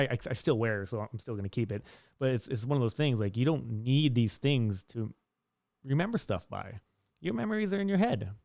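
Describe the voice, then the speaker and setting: A man's voice: smooth, dry recording. Chatty rambling young man, dry close sound. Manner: rambling and chatty, with many restarts and fillers; lively storyteller, pitch jumping up when acting out dialogue. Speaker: vlogger giving life advice. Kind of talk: casual monologue.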